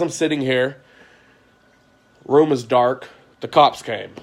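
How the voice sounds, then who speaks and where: A man speaking in an emotional confessional monologue, retelling events in an agitated way with sharp swings from loud to quiet, frequent restarts and blunt swearing. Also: mid-range voice, steady tone, slow pace, long pauses. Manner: agitated storytelling, voice rising and falling sharply. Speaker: vlogger.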